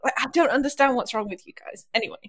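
An English woman co-hosting a podcast, chatting casually with an animated, sarcastic, playful manner. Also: fairly high pitch, fast talker. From England. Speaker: podcast co-host. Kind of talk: casual chat.

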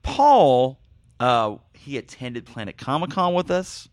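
A man hosting a podcast, rambling in excitable, apologetic stories. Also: medium pitch, takes it slowly, no room sound, studio quality. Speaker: podcast host. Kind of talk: casual podcast chat.

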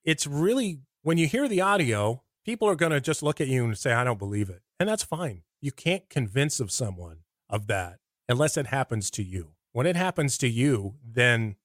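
A middle-aged man with an American Midwest accent, a radio personality telling rambling, animated stories in a conversational interview. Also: mid-range voice, dry recording, clean studio sound. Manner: rambling, animated anecdotes with acted-out quotes. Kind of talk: conversational storytelling.

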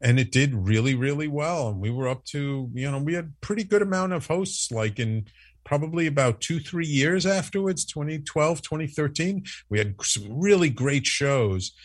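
A man telling a story in a casual interview, acting out the quoted lines with lively, animated delivery. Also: on the high side, normal speed, dry recording. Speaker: podcast network founder, guest.

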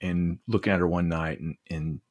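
A man in his forties with a very low, husky voice, speaking close to a dry mic. He tells earnest, halting stories as a guest, often restarting his sentences. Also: steady tone, darkish tone, no echo. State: emotional. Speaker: podcast guest. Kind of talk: reflective storytelling.

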